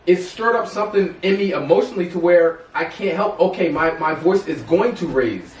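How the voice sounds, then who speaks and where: A man's voice: high voice, lively intonation, moderate pace. A man co-hosting a podcast, arguing his point insistently and talking over the others. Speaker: podcast co-host. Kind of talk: heated casual debate. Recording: roomy echo, mic at a distance.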